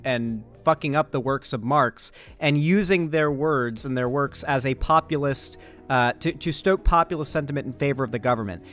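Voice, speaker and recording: A man's voice: fairly high pitch, a bit bright. A young man hosting a political stream, reading chat and rambling casually with restarts.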